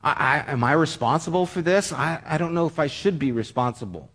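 A man's voice: fairly high pitch, lively intonation, fairly bright tone, slightly rough. Earnest man preaching a personal story. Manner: earnest, halting with repeated restarts.

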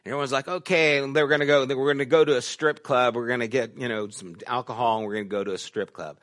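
A middle-aged man, a pastor, preaching a sermon and telling stories, dropping to hushed asides and rising to emphatic questions. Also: medium pitch, fairly even intonation, quick pace, hardly any pauses. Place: church sanctuary.

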